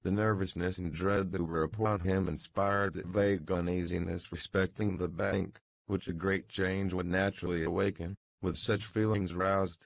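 A man reading an audiobook as narrator in a measured, deliberate way. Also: deep voice, little pitch movement, creaky, dry recording. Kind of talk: scripted narration.

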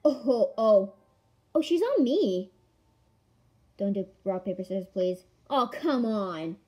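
A woman giving casual commentary on a board game she is playing, excitable, with melodramatic outbursts and playful taunting of her opponent. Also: medium pitch, slow, dull audio. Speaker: gamer filming a board game. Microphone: camera mic.

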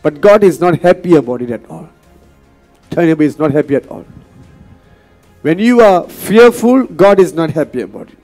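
A male pastor preaches in a fairly high voice. He is earnest and repetitive, often turning to the congregation with questions. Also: expressive, normal speed, pauses often, darkish tone, faint music behind. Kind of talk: sermon.

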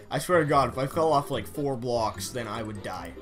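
A young man giving casual, excitable commentary while playing a video game, often breaking into mock-angry yelling. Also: medium pitch, moderate pace, music in the background. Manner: excitable, yells and mock-rages at game animals. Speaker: gaming YouTuber.

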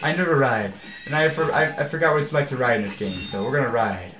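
A man's voice: mid-range voice, fast, fairly bright tone. Man giving echoey gameplay commentary. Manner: rambling and easily exasperated, says "freaking" often. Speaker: let's play host. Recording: echoey room with faint game music.

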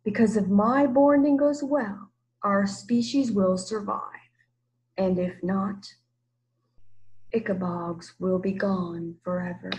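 A woman reading puts on a vast, gentle old storybook monster. It talks in a slow, grave way, and now and then its voice sinks to a near whisper. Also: medium pitch, a little hiss or hum, natural voice, rough recording. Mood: solemn. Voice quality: slow deliberate speech, hushed at times.

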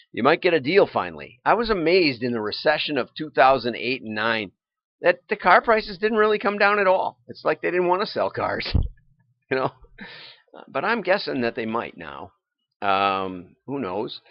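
Chuckling older man with lively pitch. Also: dry recording. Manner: chatty, rambling, chuckles often. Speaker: livestream host. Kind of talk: casual livestream commentary. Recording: dull, lo-fi, dry livestream audio.

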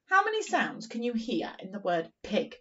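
A woman teaching young children a phonics lesson, speaking in a slow, encouraging, sing-song way and sounding out words. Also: mid-range voice, wildly swooping pitch, fairly bright tone. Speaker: primary teacher. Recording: dull, slightly distant recording.

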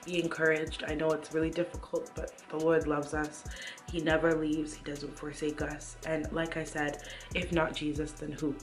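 A woman's voice: deep voice, flat delivery, moderate pace, soft background music. Earnest young woman encouraging faith. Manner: earnest and encouraging, many "like" and "you know what I mean". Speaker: Christian vlogger. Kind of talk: casual devotional talk to camera.

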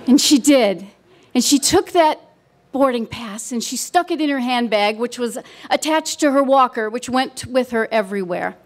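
A middle-aged woman telling a personal story on stage at a live event, warm and wry with dry humor. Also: a little high, expressive, normal speed.

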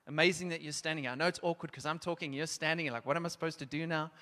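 A man preaching a sermon and leading an altar call, urgent and exhorting, at times dropping to a hushed, prayerful tone. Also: on the high side, fairly even intonation, rapid-fire, few pauses. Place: church hall. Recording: long church hall reverb.

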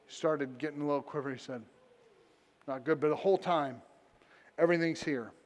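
A pastor with a fairly high voice preaches quickly in a church sanctuary, telling a personal story with self-deprecating humor. Long church reverb colors the recording.

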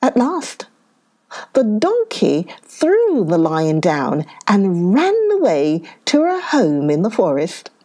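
Slow, expressive woman reading a children's story. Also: medium pitch.

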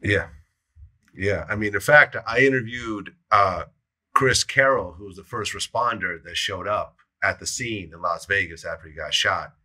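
Man, interviewer, low pitch, sharp bright tone, relaxed prompting. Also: moderate pace. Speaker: interviewer, show host. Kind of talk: interview questions.

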